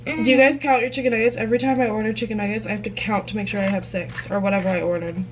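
A woman's voice: medium pitch, steady tone, rapid-fire, slight background noise, poor audio. A young woman vlogger chatting casually while eating, giggly and often talking with her mouth full.

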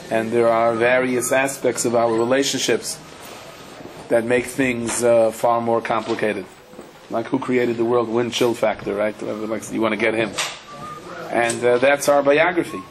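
A man's voice: mid-range voice, background noise. A male rabbi giving a chatty Torah lecture, telling stories with wry humor and many asides.

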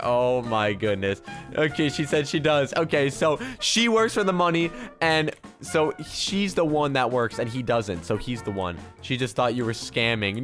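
A man giving excited, jokey commentary on his gameplay and reading chat aloud. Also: mid-range voice, moderate pace, faint music behind. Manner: hyped, jokey, reads in-game chat aloud. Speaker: gaming YouTuber.

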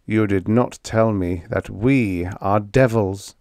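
A man's voice: fairly low pitch, slow, darkish tone, no echo, clean studio sound. A man voicing a wounded, anguished space captain. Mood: grim intense.

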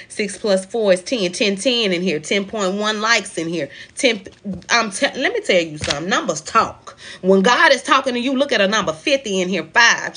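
A woman's voice: medium pitch, sharp tone. A woman hosting a live spiritual card reading, talking emphatically and repeating her points like a preacher. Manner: emphatic, repetitive, preachy with African American Vernacular phrasing. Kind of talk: live stream tarot-style reading.

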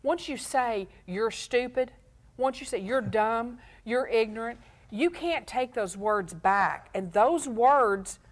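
A woman's voice: a little high, animated, slow. A woman co-hosting a talk on marriage as a pastor, explaining earnestly with everyday examples. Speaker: pastor and show co-host. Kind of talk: casual teaching talk on marriage.

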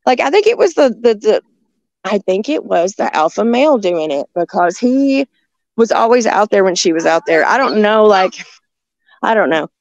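A woman with a higher voice tells a casual, rambling story as a guest recounting encounters, frequently restarting and laughing. It's a dry recording with dull lo-fi sound.

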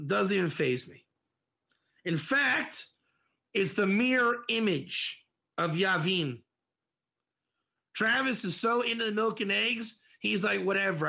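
A male teacher whose voice sits high and bright, with a gravelly fry running under it. He leads an interactive class on Proverbs, acting out little scenes and answering students by name. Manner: animated, dramatizes examples, answers students by name. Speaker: Torah teacher.

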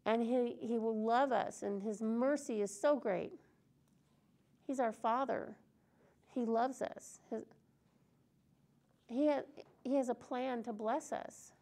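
A woman's voice: a little high, darkish tone. A woman preaching an earnest, conversational sermon in a church service.

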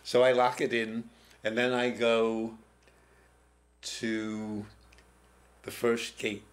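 An older man being interviewed in a TV studio, slowly telling a personal story with pauses and restarts. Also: mid-range voice, flat delivery. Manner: slow, halting, with pauses and restarts. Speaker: interview guest, former prison teacher. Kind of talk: reflective storytelling.

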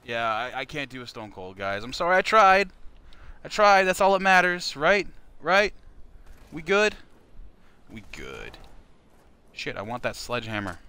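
A man's voice: mid-range voice, huge pitch swings, unhurried, pauses often, pushed and bright, slight background noise. A young man livestreaming a charity fundraiser, joking, profane and self-mocking in casual chat.

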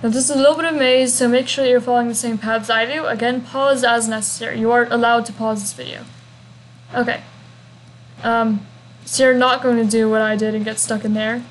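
A woman's voice: on the high side, steady tone, a little fast, slight background noise, low-quality recording. Chatty young woman narrating a game walkthrough. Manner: chatty and rambling, with humming fillers.

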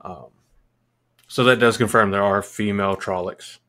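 A man's voice: on the low side, steady tone, normal speed, bright, forceful tone. A man co-hosting a podcast in casual chat, rambling and explaining with casual swearing. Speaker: podcast co-host.

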